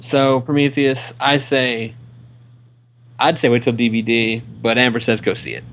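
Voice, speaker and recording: A man's voice: medium pitch, flat delivery, unhurried, fairly bright tone. A young man co-hosting a film review show, rambling in casual chat and filling his sentences with "like". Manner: rambling, heavy use of "like".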